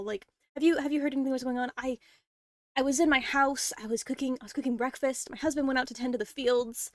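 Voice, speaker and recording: A woman's voice: high-pitched, darkish tone, no echo, clean studio sound, lightly acted. A woman voicing a frightened farmer's wife who rambles and stammers.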